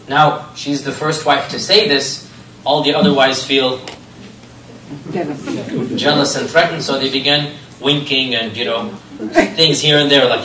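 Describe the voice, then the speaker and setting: A man's voice: a little high, normal speed, roomy sound, distant mic, slight background noise, rough recording. A man giving a religious history lecture, telling stories with rhetorical questions. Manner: animated storytelling with rhetorical questions.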